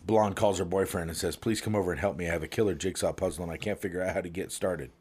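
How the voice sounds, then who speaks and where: A man casually telling long jokes as a podcast co-host, playful, jumping up in pitch for the characters in them. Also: fairly even intonation, fast, a little mellow, husky.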